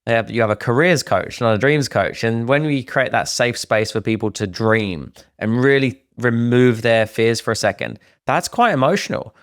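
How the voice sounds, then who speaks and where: A middle-aged man co-hosting a casual podcast, talking in an animated way and acting out what other people say. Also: medium pitch, normal speed, few pauses, dry recording, studio quality. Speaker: podcast co-host.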